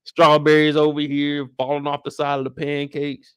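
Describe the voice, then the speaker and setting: Young man, slangy recap host, fairly high voice, dry close sound. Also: brisk, vocal fry, hardly any pauses, clear, resonant tone, no room sound. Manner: animated, slangy, profane banter. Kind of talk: casual live after-show recap.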